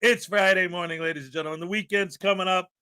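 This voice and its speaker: Boisterous high-voiced livestream host. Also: male voice, fairly even intonation, fast, heavy background noise. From American Midwest. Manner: boisterous, breaks into hype shouts and laughs. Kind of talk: casual live-stream chat. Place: house in Florida.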